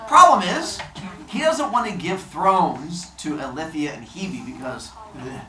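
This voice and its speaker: A male teacher telling myths to his class in an animated, jokey way, full of voices. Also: fairly high pitch, measured pace. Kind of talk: classroom storytelling. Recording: echoey classroom from far off.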